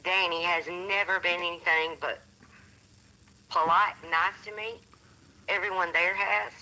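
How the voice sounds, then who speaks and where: Slow, bright-voiced woman caller. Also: fairly low pitch, steady tone, low-quality recording. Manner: firm, measured denial. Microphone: phone call.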